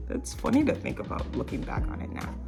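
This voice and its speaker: A young woman vlogger tells a story from her childhood in a casual, rambling way, filling it with fillers and little laughs.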